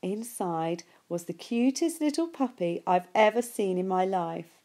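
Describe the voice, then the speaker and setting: Mellow woman reading a novel aloud. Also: mid-range voice, lively intonation, a little slow. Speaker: reader.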